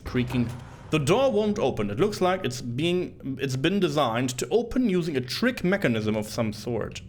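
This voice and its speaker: A man's voice: on the high side, sing-song, moderate pace, slight background noise. A man streaming a retro game, reading the on-screen text aloud and cracking joking asides in casual commentary.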